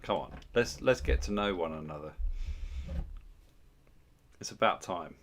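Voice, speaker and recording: A man's voice: low-pitched, expressive, measured pace, a little hiss or hum. A man hosting a casual livestream, bantering with chat in a crude, swearing, mock-outraged way. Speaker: livestream host.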